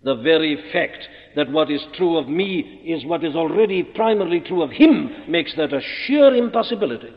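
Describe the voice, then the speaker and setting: A man preaching an expository sermon, emphatic and deliberate, posing rhetorical questions and answering them. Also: fairly high pitch, animated. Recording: muffled old recording in a reverberant hall.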